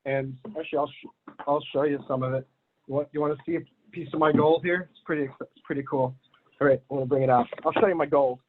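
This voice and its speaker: A man with a notably high voice hosts a casual online group meeting. He rambles a little and hands out blunt advice. The audio comes through thin and tinny, like a phone line. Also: steady tone, fast talker. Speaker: host of online community meeting. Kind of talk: casual group video call.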